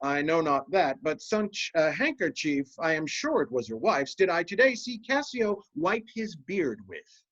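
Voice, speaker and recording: A sly, scheming male officer, read by an actor in an amateur Shakespeare reading. The delivery is measured and insinuating, at a middling pitch. The sound is muffled and lo-fi. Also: sing-song, fairly bright tone.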